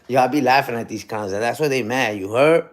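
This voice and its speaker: A man's voice: mid-range voice, unhurried. A man ranting casually to his live chat in streetwise slang, dropping "you heard?" after his points and repeating himself. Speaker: livestream host.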